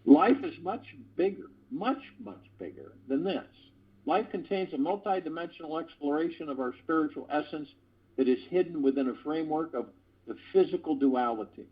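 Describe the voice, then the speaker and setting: A man with a slightly husky, breathy voice reads an earnest spiritual talk to callers and throws in playful asides. The sound is dull and lo-fi, like it was recorded over a conference phone line. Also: fairly high pitch, lively intonation, moderate pace. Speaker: host of a spiritual call. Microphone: phone conference call.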